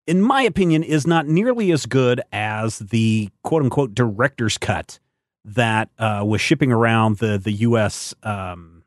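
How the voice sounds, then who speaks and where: A man's voice: mid-range voice, unhurried, no room sound. Playful man hosting a dry-sounding chat. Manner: playful, theatrical, with many hesitations. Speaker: podcast co-host. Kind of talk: casual movie chat.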